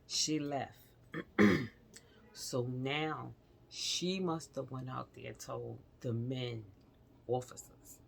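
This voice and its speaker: A woman's voice: extremely low pitch, takes it slowly, vocal fry, pauses often, a little hiss or hum. A woman vlogger telling a personal story in casual conversation, speaking straight to her viewers. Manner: animated retelling, acts out quoted dialogue; speaks directly to the audience.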